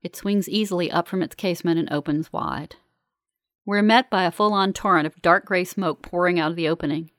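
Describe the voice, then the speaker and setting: A woman reading a first-person story aloud in a calm, measured, earnest way. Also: fairly low pitch, dry recording, studio quality. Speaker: narrator. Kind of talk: first-person audiobook narration.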